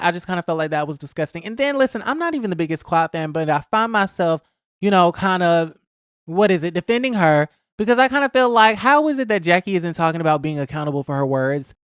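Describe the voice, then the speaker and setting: A man hosting his own channel, sassy and animated as he fires off rhetorical questions in casual pop-culture commentary. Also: sits high, brisk, clear, resonant tone, no room sound, studio quality. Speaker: host.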